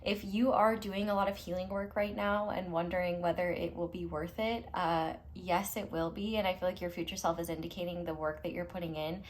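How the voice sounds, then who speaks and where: A woman reads tarot cards for her viewers in a low, even voice, talking to them directly. Her delivery is reassuring and affirming. A faint hiss sits under the recording. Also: a little fast, few pauses. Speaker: tarot reader. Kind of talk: pick-a-card tarot reading to camera.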